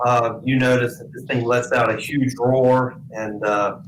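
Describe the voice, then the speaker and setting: Male game master, mid-pitched, halting delivery, echoey room with faint hiss. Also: fairly even intonation. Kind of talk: narrating a tabletop game.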